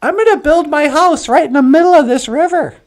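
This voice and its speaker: A woman voicing an excited, boastful male beaver in an animated storytelling video, gushing about what he can do. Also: sits high, fairly quick, natural voice. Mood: thrilled. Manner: gushing, thrilled.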